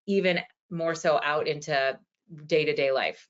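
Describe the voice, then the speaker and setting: A woman's voice: low voice, fairly even intonation, measured pace. Woman physical therapist with muffled audio. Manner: earnest, conversational, many fillers. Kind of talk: answering questions in a webinar. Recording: dull lo-fi webinar audio.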